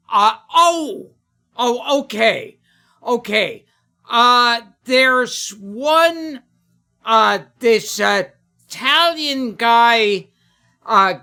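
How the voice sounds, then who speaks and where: A male comedian telling jokes on a podcast in a slow, unhurried delivery. His voice is sharp and bright. He halts often with uh and um and chuckles at his own punchlines. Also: very high voice, vocal fry. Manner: halting, full of uh and um, laughing at his own jokes. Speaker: comedian guest. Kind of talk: joke-telling podcast chat.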